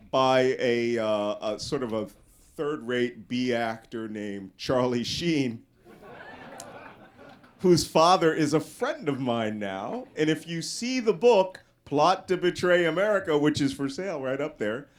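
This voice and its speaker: A man's voice: mid-range voice, slow. A man giving a casual, anecdotal talk as a guest speaker to a live audience, often raising his voice to act out the people in his stories. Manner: animated storyteller, voices quoted people loudly.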